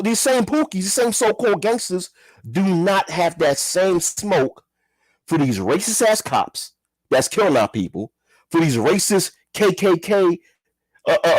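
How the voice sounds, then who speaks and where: A man's voice: a little high, lively intonation, unhurried, husky, no room sound. A man giving a heated, profane commentary rant, repeating himself and firing rhetorical questions. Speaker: commentary vlogger. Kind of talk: ranting commentary.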